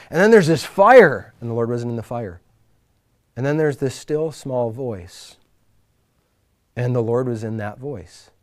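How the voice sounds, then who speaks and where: Speaking at a medium pitch, a retreat speaker addresses a live group at a faith retreat with lively, casual storytelling. He moves between booming and quiet moments and keeps restarting his sentences.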